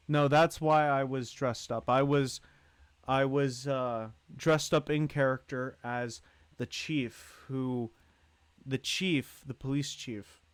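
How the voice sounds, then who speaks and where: Slow, smooth-voiced male streamer. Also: medium pitch, no echo. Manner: rambling, greets and thanks chatters. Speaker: livestream host. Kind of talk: casual livestream chat.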